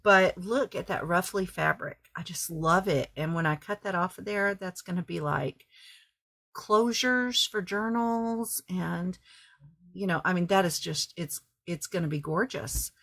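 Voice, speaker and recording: A woman talks through her thrift finds in a relaxed, rambling way, stopping to correct herself as she goes. Her voice is low and husky, with a gravelly fry at the ends of her phrases. It sounds like casual show-and-tell for her channel. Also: unhurried. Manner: chatty, rambling, self-correcting. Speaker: craft vlogger.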